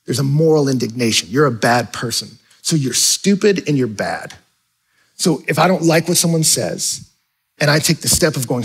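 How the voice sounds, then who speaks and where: Animated preaching man, slightly husky. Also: mid-range voice, moderate pace, poor audio. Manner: conversational, animated preaching with acted-out asides. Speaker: pastor. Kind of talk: sermon.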